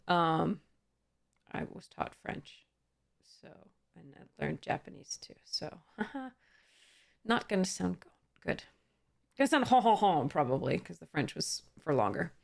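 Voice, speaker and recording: A young woman card game YouTuber opens packs while chatting casually, reading the card text aloud. Her voice is low and creaky, and she uses plenty of fillers and little laughs.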